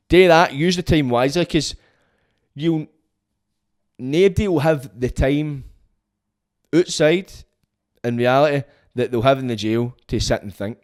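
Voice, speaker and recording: Scottish man, mid-pitched, casual vlog monologue, blunt and sweary, frank advice. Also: darkish tone. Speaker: vlogger giving prison advice.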